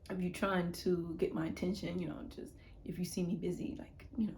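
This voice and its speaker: A woman's voice: lowish voice, flat delivery, a little fast, a little mellow. A young adult woman talking casually to camera in a rambling self-help monologue, repeating words and sometimes dropping to a whisper. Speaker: YouTuber.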